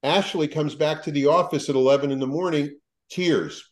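A male psychologist with a fairly high voice spins an animated story for a podcast. He quotes others and restarts sentences as he speeds along. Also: normal speed, rough recording.

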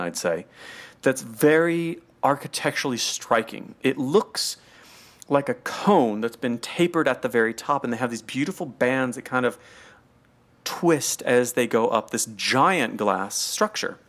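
A man's voice: mid-range voice, expressive, unhurried. A middle-aged American man casually chatting as a podcast host, rambling through a story with many fillers. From United States. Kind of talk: casual chat.

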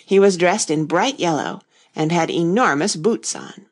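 A woman reading a children's storybook aloud in a gentle, measured way. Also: lowish voice, expressive. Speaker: narrator.

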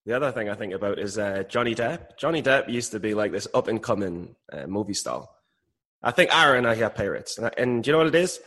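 A man co-hosting a podcast in joking, rambling casual chat that often drops low. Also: expressive, fast, fairly bright tone. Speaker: podcast co-host.

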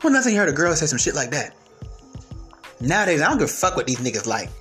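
A man's voice: fairly high pitch, sing-song, quick pace, sharp tone, faint music behind. A young man from the United States who stutters, delivering a brash, profane comic rant. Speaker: vlogger.

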